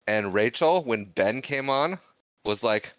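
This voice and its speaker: A man's voice: medium pitch, lively intonation, takes it slowly, fairly bright tone, clean tone, no room sound. A man co-hosting a casual movie podcast, laughing often and reading out the credits. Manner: laughing, self-deprecating, reads credits aloud. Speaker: podcast co-host. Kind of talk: casual chat.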